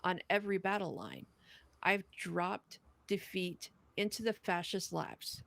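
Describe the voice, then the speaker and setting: A woman's voice: on the low side, animated, a little slow, vocal fry, a bit bright, no echo. A woman co-hosting a podcast, reading a poem aloud and then chatting bluntly and earnestly. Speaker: podcast co-host.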